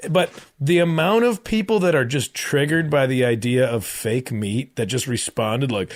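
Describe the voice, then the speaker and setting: A man co-hosting a comedy podcast, talking in a loose, swearing, animated way and acting out quoted voices. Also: mid-range voice, moderate pace, few pauses, no echo, studio quality. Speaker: podcast co-host. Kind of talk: casual comedic chat.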